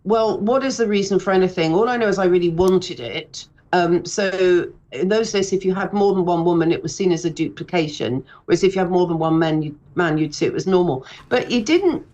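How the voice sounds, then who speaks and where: A woman's voice: on the low side, fairly quick, hardly any pauses, a little mellow, muffled recording. A woman in her sixties, a comedian and author, chatting on the radio in a rambling, self-deprecating way with many restarts. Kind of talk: casual radio interview.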